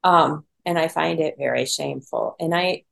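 A middle-aged woman with a low voice tells a personal story. She is candid and self-deprecating, and pauses often on fillers and restarts. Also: gravelly, a bit bright, low-quality recording. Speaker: podcast guest.

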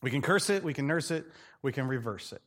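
A man's voice: medium pitch, expressive, fast talker, fairly bright tone. A male preacher giving a humorous, conversational sermon. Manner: jokey, acts out characters, conversational.

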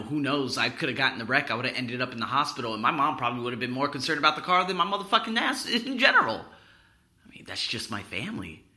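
Bright-voiced man telling blunt stories. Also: mid-range voice. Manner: blunt, profane, rambling with restarts. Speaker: podcast host. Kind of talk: casual personal storytelling.

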